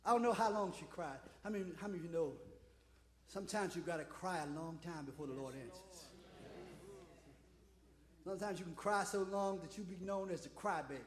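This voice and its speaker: A man a sermon, shouting and half-singing his lines in a whooping cadence, heard in a church sanctuary. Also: high voice, fairly quick, long pauses. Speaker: preacher. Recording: echoey church hall, roomy long reverb.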